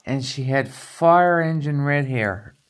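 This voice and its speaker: A woman's voice: very deep voice, lively intonation, slow pace. A middle-aged woman vlogging a craft kit unboxing, explaining each item in a chatty, step-by-step way. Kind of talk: casual unboxing chat.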